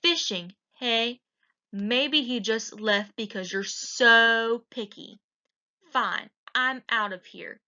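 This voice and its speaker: Slow, slurping, whiny woman playing a big scruffy boy monster for a storybook; dull, lo-fi sound. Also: on the high side, pushed and bright, heavily acted. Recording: dull lo-fi recording.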